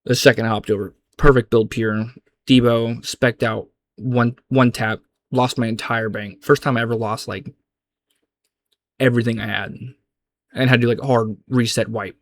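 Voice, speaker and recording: A man's voice: medium pitch, flat delivery, normal speed. A young adult man in a casual, rambling gaming chat, loose and slangy, often restarting his sentences. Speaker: gaming vlogger.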